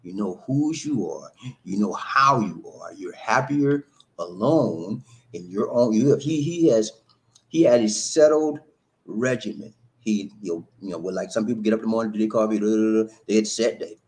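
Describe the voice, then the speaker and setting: A man's voice: on the low side, normal speed. A man hosting a casual live stream, greeting viewers by name, chanting and rhyming, and laughing at his own jokes. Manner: animated, shout-outs to viewers, chanting and rhyming.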